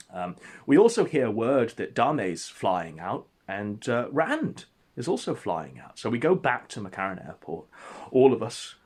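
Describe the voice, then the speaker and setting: A man telling an absurd comic story in a mock-epic, deadpan way. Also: on the low side, slightly rough. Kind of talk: comedic storytelling.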